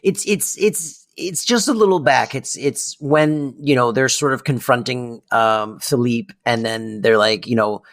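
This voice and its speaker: A man co-hosting a podcast, excitedly recapping a sitcom in casual chat. He laughs often and repeats words as he gushes. His voice sits at an ordinary middle pitch. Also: unhurried, hardly any pauses. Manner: enthusiastic, laughing, repeats words while gushing. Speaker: podcast co-host.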